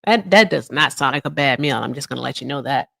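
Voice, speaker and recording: A woman's voice: lively intonation, fast talker, gravelly, a bit bright. Chatty woman hosting a political livestream. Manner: chatty, reads viewer comments aloud, swings into high teasing tones. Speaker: livestream host. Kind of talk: casual political livestream chat.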